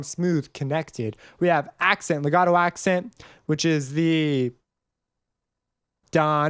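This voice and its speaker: Smooth, dry-voiced male music tutor. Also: a little high, no echo. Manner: casual, rambling explanation with sung note demonstrations. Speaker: music composition teacher. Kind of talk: screen-recorded tutorial.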